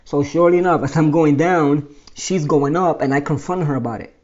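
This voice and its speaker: A man's voice: fairly high pitch, a little fast, a little mellow. Man telling his life story, lo-fi. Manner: rambling, restarts and corrects himself. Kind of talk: personal life story monologue.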